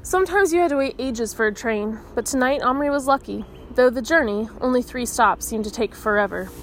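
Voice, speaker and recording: A woman reads a children's novel aloud in a slightly high voice. She narrates with expression and sets the characters' dialogue apart. A soft hum of traffic sits faintly in the background. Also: fairly quick. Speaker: audiobook reader.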